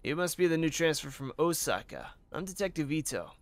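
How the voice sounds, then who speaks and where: A man's voice: sing-song, fairly quick, soft background music. A man reading a weary, bitter woman detective. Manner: low, weary and resentful.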